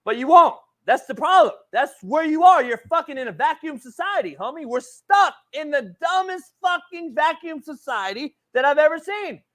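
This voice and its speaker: A man's voice: very high voice, expressive, normal speed, few pauses, bright, forceful tone. A man hosting a sports talk show, ranting profanely and calling people homie. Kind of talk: heated sports debate.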